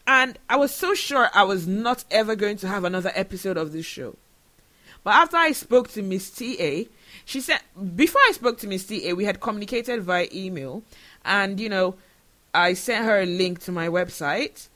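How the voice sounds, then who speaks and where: Bright-voiced woman, impassioned host. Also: medium pitch, lively intonation, normal speed. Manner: emotional, indignant, rhetorical questions. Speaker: show host. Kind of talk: impassioned monologue to camera.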